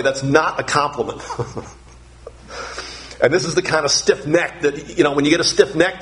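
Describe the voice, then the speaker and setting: An earnest male pastor preaching a sermon, pressing his points with emphasis and repeating words as he goes. His voice sits a bit high. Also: a bit bright.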